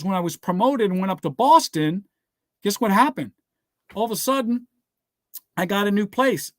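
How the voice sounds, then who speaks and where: A man's voice: sits high, no echo, clean studio sound. A man giving a motivational business talk laced with scripture, speaking emphatically like a preacher, throwing out rhetorical questions and urging listeners to write things down. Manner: repeats rhetorical "guess what?" and "all right?".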